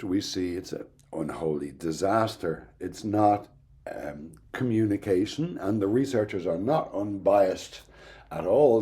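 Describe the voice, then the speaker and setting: Wry, lively-voiced male lecturer. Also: low-pitched. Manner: conversational, wry and emphatic. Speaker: university lecturer. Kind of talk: recorded lecture.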